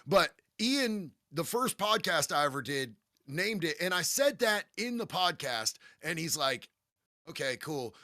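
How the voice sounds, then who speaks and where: A man's voice: on the high side, sing-song, a little slow, few pauses, pushed and bright, no room sound, clean studio sound. A man, a podcast guest, telling stories in a casual, profane, laid-back way with lots of "bro.". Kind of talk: casual storytelling chat.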